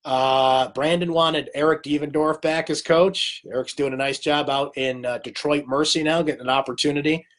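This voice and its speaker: A man's voice: fairly high pitch, fairly even intonation, moderate pace, few pauses, fairly bright tone. A man with a cold hosting a live sports recap, talking conversationally and answering viewer comments by name. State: has a cold. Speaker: sports talk host.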